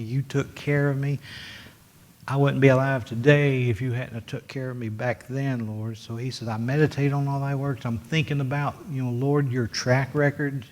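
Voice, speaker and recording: A man's voice: mid-range voice, a little mellow. A man teaching a Sunday school Bible lesson in a church classroom, talking plainly with many fillers and restarts.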